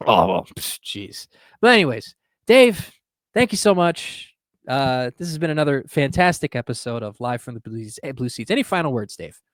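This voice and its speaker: A man hosting a sports podcast in casual chat, animated and laughing often. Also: mid-range voice, normal speed, no room sound, clean studio sound. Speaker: podcast host.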